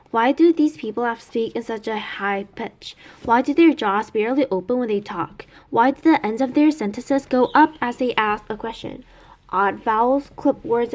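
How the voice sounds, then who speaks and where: A woman reading a novel aloud in first person at a steady pace, with small slips and self-corrections. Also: on the high side. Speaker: reader.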